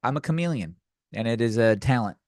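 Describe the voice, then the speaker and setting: A man's voice: mid-range voice, expressive, fairly quick, no room sound, studio quality. A man hosting a comedy podcast, ranting in a crude, sarcastic, rambling way with lots of restarts. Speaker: podcast host.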